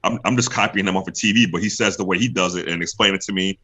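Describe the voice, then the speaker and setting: Animated, bright-voiced man telling stories. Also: low-pitched, fast, breathy edge. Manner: animated, acts out other people's lines, laughs often. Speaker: guest, pro wrestler. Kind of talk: casual interview storytelling.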